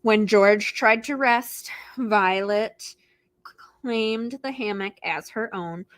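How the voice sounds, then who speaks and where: A woman librarian reading picture books aloud to preschoolers in an animated, expressive way, gasping and making animal noises. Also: medium pitch, takes it slowly, no room sound. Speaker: children's librarian hosting storytime.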